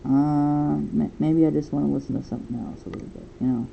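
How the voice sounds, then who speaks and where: Drawing a comic, a twenty-something comic artist rambles and thinks aloud in casual chat. His voice is fairly high, steady, and creaky, and he talks a little fast; the audio has its highs cut off and a little hiss or hum.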